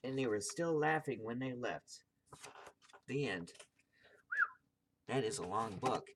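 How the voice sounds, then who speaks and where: A man's voice: mid-range voice, animated, takes it slowly, slight background noise. A man reading a children's picture book aloud, tripping over words and correcting himself. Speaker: video host reading aloud.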